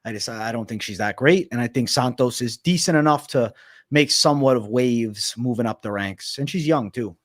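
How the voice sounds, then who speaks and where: A man's voice: medium pitch, normal speed. Laid-back man breaking down fight bets. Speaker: co-host of MMA betting show. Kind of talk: casual fight analysis and betting talk.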